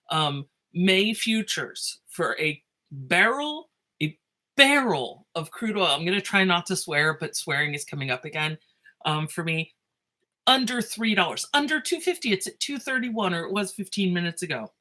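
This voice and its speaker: A woman teacher talking casually to her students in a video made on her phone, excitable and animated, often breaking off and laughing. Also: fairly low pitch.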